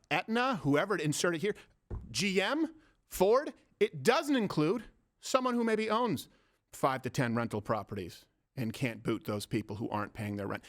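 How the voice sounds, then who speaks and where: A man hosting a political comedy show, ranting sarcastically in rapid-fire rhetorical questions. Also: mid-range voice, fairly bright tone. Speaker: host.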